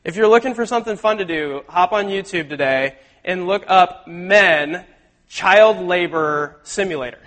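A man preaching a sermon in a casual, animated way, acting out the lines he quotes. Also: sits high, moderate pace. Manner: conversational, animated, acts out quotes. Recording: long hall reverb.

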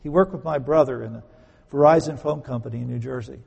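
A man preaching a sermon, emphatic, swinging between loud stresses and quiet conversational asides. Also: medium pitch, fast, creaky, breathy edge, muffled recording. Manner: conversational, explains grammar with homely examples. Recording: echoey hall.

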